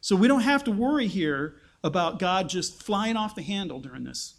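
Guy teaching a bible sermon, chatty, lots of rhetorical questions, high voice. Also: expressive, moderate pace. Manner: conversational, asks rhetorical questions. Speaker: preacher.

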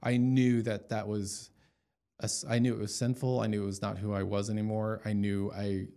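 Soft-spoken man telling his story. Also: fairly low pitch, little pitch movement, moderate pace, clean tone. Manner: emotional, storytelling, many fillers and restarts. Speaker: interview guest. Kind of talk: personal testimony in an interview.

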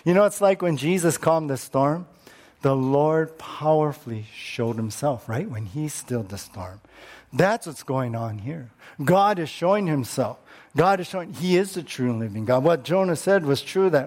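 A male pastor preaching a sermon in an animated way, repeating words when worked up and dropping low on key words. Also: a little slow.

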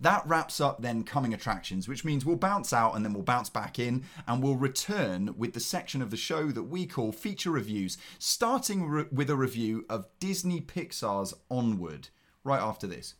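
A man's voice: medium pitch, big pitch swings, normal speed, fairly bright tone. A man hosting a film review show, giving blunt opinions in casual chat with his co-host.

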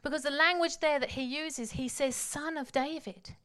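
A woman preaching a sermon, telling the story dramatically and swinging from hushed tones to loud calls. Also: high voice, fairly even intonation, moderate pace.

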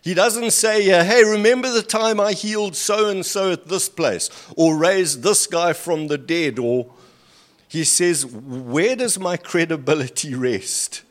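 Speaking into a handheld or stand mic at a lectern, a man preaches a sermon in a high, unhurried voice. He reads scripture aloud with rising emphasis, then breaks off for dry, sarcastic asides.

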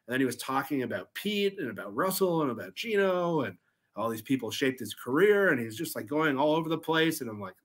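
A man in a casual sports chat talks in a relaxed, chatty way and fills his sentences with "like". His voice sits at a medium pitch. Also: brisk. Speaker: podcast co-host.

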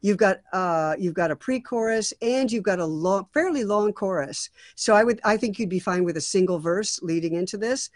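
A woman's voice: medium pitch, normal speed, few pauses, no room sound. A woman acting as a songwriting mentor, giving thoughtful feedback on a song draft with frequent restarts and fillers.

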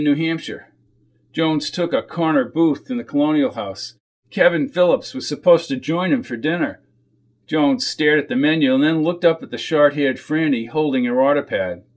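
Man narrating an audiobook. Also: on the high side.

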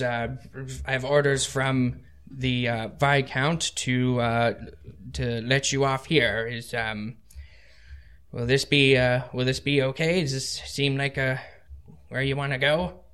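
A man's voice: medium pitch, steady tone, fairly bright tone, smooth, natural voice. A man voicing a hesitant, polite riverboat captain who stumbles over his words with many ums and uhs. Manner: halting, full of ums and uhs.

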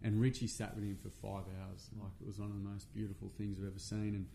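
Middle-aged Australian man, lower pitch, casual earnest storyteller, swears freely, light background noise. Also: flat delivery, quick pace, vocal fry, warm tone. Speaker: podcast guest, men's workshop facilitator.

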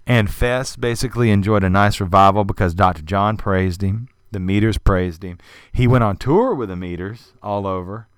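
A man hosting a casual podcast, telling a story in an animated, profane way. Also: lowish voice, normal speed, clear, resonant tone, no echo, studio quality. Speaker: podcast host. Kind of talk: casual chat.

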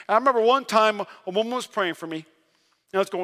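A man's voice: sits high, fast, pushed and bright. A man preaching a sermon in a large church, telling stories with energy and self-deprecating humor. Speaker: pastor. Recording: long reverb of a large hall.

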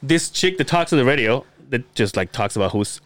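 A man co-hosting a podcast in casual chat, telling animated stories, acting out quotes and swearing freely. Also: medium pitch, fairly quick, no room sound. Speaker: podcast co-host.

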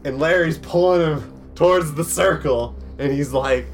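A man's voice: a little high, steady tone, normal speed, hardly any pauses, soft background music. A man narrating a tabletop game as game master, playful and laughing as he describes the scene.

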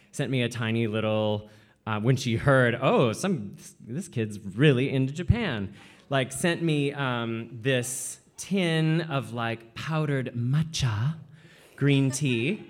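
A man from Washington state telling a personal story, animated and full of "like" fillers, often slipping into quoted voices. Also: medium pitch, slow. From Washington state, USA.

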